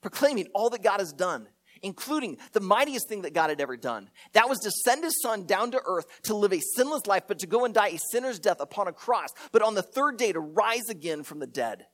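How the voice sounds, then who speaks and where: Man, pastor, sermon, storytelling, lively pitch, acts out quoted voices. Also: brisk.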